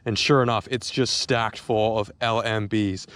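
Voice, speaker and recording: A young man filming a fishing vlog on a riverbank, talking excitedly and stammering when a fish bites. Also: on the low side, measured pace, clean tone, no room sound. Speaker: fishing vlogger. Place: outdoors on a river bank.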